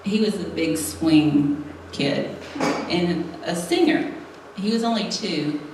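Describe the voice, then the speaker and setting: Telling a funny personal story to a women's church audience, this middle-aged speaker laughs frequently. She talks slowly in a lowish voice. The recording comes from a far-off mic in a reverberant hall with noise in the background.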